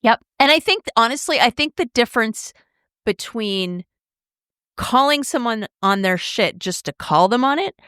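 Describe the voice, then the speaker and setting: A middle-aged woman co-hosting a podcast, talking in a candid, animated way and often asking "right?". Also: a little high, moderate pace, clear, resonant tone, no room sound, studio quality. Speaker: podcast co-host. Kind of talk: casual chat.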